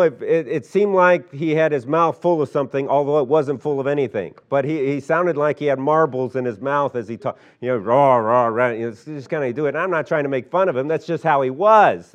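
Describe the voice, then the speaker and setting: A man's voice: on the high side, highs cut off. A middle-aged male pastor telling a folksy story in a sermon, rambling with lots of fillers and restarts.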